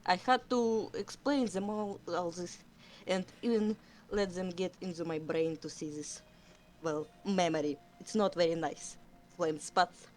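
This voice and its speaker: A woman's voice: on the low side, steady tone, unhurried, a little hiss or hum, natural voice. Woman doing a falsely sweet manipulative tomcat. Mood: falsely kind. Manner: falsely sweet, hushing and coaxing. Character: smooth-talking manipulative male warrior cat.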